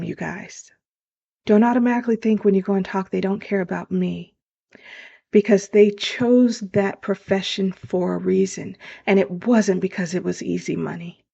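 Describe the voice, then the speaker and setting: Woman, life coach podcast host, earnest coaching tone, warm low timbre, slightly muffled sound. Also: creaky. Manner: earnest, coaching, speaks directly to listeners. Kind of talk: motivational podcast monologue. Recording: dull lo-fi sound.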